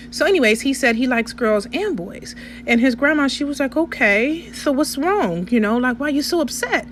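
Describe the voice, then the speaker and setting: A woman's voice: medium pitch, fairly bright tone, slight background noise. A woman vlogger doing a casual storytelling voiceover, chatty and often checking in with her listeners. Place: indoors, recorded separately from the restaurant footage.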